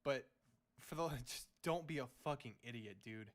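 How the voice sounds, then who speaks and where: A young man making a defensive apology statement, halting with many restarts. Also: medium pitch. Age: young adult.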